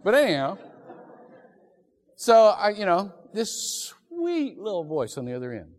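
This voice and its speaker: A man's voice: a little high, very animated, normal speed. A middle-aged man preaching a sermon as pastor, telling stories with animation and laughing often. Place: church sanctuary. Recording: echoey church hall.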